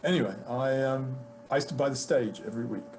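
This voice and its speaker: A British man, an actor, telling casual anecdotes about his career with animated delivery, acting out the lines of people he quotes. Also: mid-range voice, a little fast, low-quality recording. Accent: British English. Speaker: guest actor. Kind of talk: casual storytelling.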